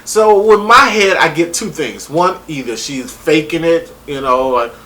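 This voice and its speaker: A man casually reviewing a reality show on his vlog, rambling and excitable and swearing freely. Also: a little high, measured pace, few pauses.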